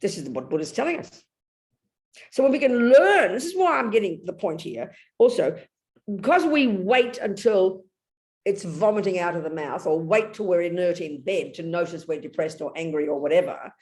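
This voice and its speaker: Giving a Dharma talk, an elderly English woman who is a Buddhist nun and teacher speaks plainly and with vigor. Her story unfolds with leaps and dips in pitch, hushed remarks that quickly give way to abrupt loud bursts, all in a frank, rough-edged style.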